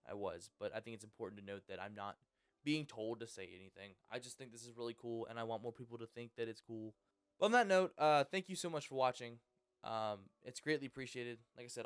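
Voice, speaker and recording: Rambling, excitable young man ranting. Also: mid-range voice, clear, resonant tone, no echo. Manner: rambling, excitable, frequent restarts. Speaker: channel host. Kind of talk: casual ranting vlog.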